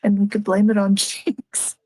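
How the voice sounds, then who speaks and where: A woman's voice: mid-range voice, monotone, a little slow, darkish tone, dry recording. A woman playing a tabletop game, playful and easygoing as she speaks in character. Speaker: player.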